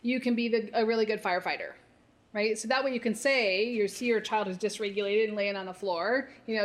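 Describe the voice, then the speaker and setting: A woman's voice: on the high side, fairly quick. A woman therapist leading a parent workshop, coaching in a conversational way and often checking in with "right?". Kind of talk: live workshop talk.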